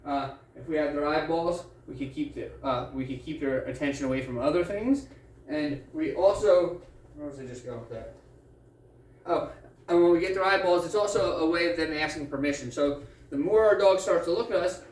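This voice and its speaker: Distant, echoey man explaining dog training. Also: on the high side. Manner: patient, plain-spoken explaining. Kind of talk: instructional explanation during a training session. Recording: echoey, distant mic, faint ambient noise.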